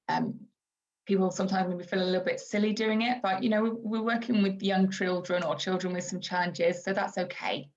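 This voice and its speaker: A woman educator giving a calm, explanatory online training talk over a video call. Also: medium pitch, dull audio. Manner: calm explaining, slips into slow exaggerated child-directed examples.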